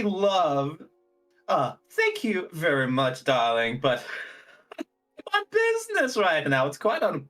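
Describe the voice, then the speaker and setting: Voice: medium pitch, a bit bright, voice pushed up. A tabletop player voicing a polite, businesslike woman adventurer who calls people darling.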